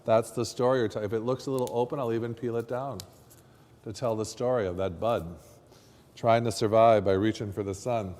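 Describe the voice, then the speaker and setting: A man's voice: mid-range voice, steady tone, brisk, darkish tone, slight background noise. A man teaching floristry in a hands-on demonstration lesson, chatty and coaching, quizzing his students as he works. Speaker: floristry instructor. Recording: long reverb from a hall.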